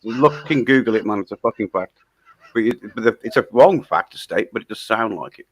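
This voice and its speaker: A man's voice: lowish voice, animated, fairly quick, breathy edge. A man in casual chat, blunt and sweary, laughing often.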